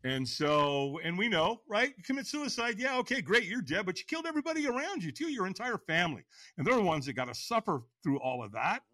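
A man in his sixties, a podcast guest, frankly telling his own story in an animated way and acting out the voices. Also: sits high, a little fast, no echo. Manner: animated, acts out voices and inner dialogue; frank, casual speech. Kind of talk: personal storytelling in an interview.

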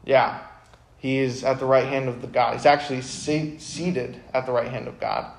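A man's voice: medium pitch, steady tone, normal speed, vocal fry, slight background noise. Young guy doing a youth group talk, casual and earnest, lots of ums, gets fired up at times. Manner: casual, earnest, lots of fillers, bursts of energy. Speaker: youth speaker. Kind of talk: youth talk to high school students.

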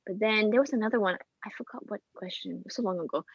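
A young woman in casual chat, talking fast and swearing, acting out what people said. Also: medium pitch, husky, dry recording. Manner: chatty, swears a lot, acts out quotes. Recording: slightly dull lo-fi sound.

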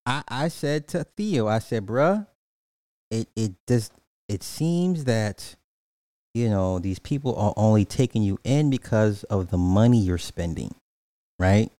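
Low, unhurried man roasting his chat. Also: lively intonation, dark tone, no room sound. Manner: loose, joking, roasting chatters in slang. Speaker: livestreamer reading chat. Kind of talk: casual livestream chat.

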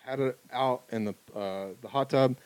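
A man telling a funny story in a casual chat, animated and laughing often. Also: mid-range voice, normal speed, clean tone, no room sound.

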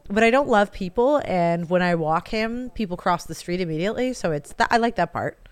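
A woman with a lowish voice hosts a podcast in easy, chatty conversation. She laughs often and reacts quickly to her guest. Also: animated, smooth. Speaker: podcast host. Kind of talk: casual interview chat.

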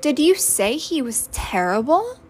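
Woman reader putting on a high, loud, sing-song teenage brat who taunts and chants; storybook reading with loud music behind. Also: very animated, a little slow. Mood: teasing, singsong. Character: teasing mischievous teenage boy, loud and singsong.

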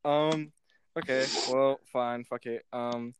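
A man's voice: medium pitch, steady tone, takes it slowly, a little hiss or hum. A young man hosting a podcast in a rambling, giggly casual chat, swearing freely. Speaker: podcast host.

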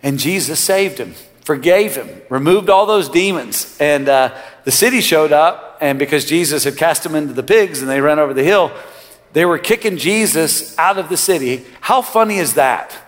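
A male pastor preaching a sermon, swinging from loud rising lines to quiet low ones. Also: expressive, normal speed. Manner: preaching with sudden loud rises and quiet drops. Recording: long hall reverb.

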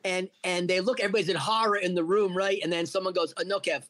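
A middle-aged man with a notably high-pitched voice spins a profane, animated story in a relaxed interview. He swears constantly and slips into the voices of the people he quotes. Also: fast talker. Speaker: guest, cannabis entrepreneur.

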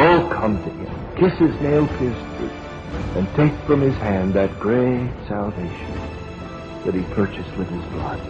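A man preaching a sermon, telling a story slowly and dramatically. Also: on the low side, animated. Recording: lo-fi old sermon recording with music.

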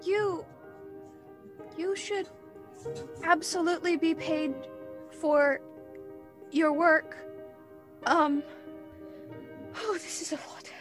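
A woman playing in a tabletop role-play, her voice pitched high. She stammers and pleads, tripping over her words while faint music plays under her. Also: a bit bright. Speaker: player.

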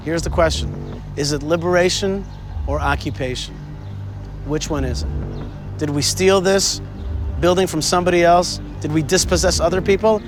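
High-voiced man guiding a history tour. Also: moderate pace, pauses often, over music. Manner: animated, quizzes his listeners. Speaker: tour guide. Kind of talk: history lesson told on a tour. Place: outdoors at a historic site.

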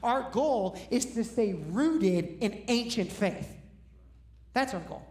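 Male pastor, conversational sermon delivery, emphatic with quick restarts; reverberant room. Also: very high-pitched. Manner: emphatic, conversational, keeps asking "right?"; restarts and stumbles over words when excited.

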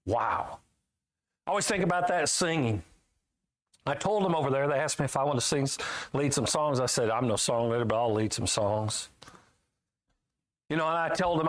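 Folksy, emphatic man preaching a sermon. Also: normal speed. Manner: folksy, emphatic, swinging between loud highs and low asides.

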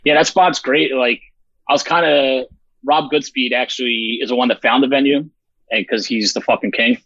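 A man's voice: mid-range voice, steady tone, moderate pace, a bit bright, no room sound, highs cut off. A man who organizes a festival, talking bluntly and with lots of swearing in a rambling, casual interview. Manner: profane, blunt, rambling with fillers.

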